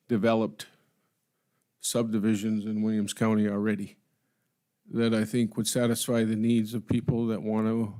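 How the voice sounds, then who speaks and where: A man speaking as a county commissioner at a public meeting, halting and hedging with many restarts. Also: fairly low pitch, dark tone.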